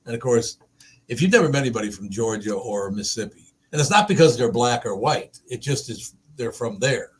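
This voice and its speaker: A man's voice: mid-range voice, expressive, fairly quick, slightly rough. Rambling, laughing male radio host. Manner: rambling storyteller, laughing, mimics voices. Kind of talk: casual studio chat. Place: radio studio.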